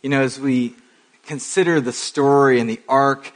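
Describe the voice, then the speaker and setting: A male pastor preaching a sermon, emphatic, with dramatic pauses, rising swells and folksy asides. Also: mid-range voice, fairly even intonation.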